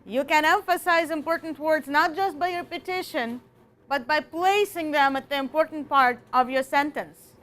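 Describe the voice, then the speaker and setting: A woman teaching a college writing class, slowing down and stressing key words as she reads example sentences aloud. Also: high-pitched, fairly bright tone. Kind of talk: classroom lecture.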